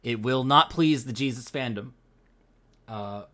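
A man's voice: medium pitch, unhurried, sharp tone. A man with a Pacific Northwest American accent, co-hosting a podcast in easygoing casual chat, swearing now and then and using lots of fillers. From Pacific Northwest, USA. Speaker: podcast co-host.

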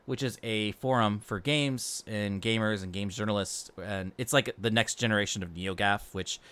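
A man's voice: fairly low pitch, normal speed, fairly bright tone, smooth. A man co-hosting a casual podcast, talking loosely with many fillers. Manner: rambling, loose, with frequent fillers. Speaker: podcast co-host. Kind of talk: casual chat.

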